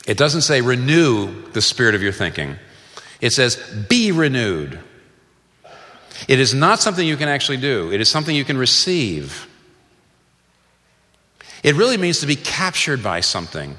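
A man's voice: medium pitch, pushed and bright, in a large hall. A male pastor preaching a sermon in a conversational, storytelling way, stressing points through repetition.

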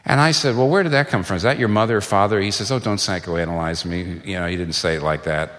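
A man's voice: sits low, fast, a bit bright, long reverb tail. A male pastor preaching a sermon in a conversational, storytelling way, stressing points through repetition.

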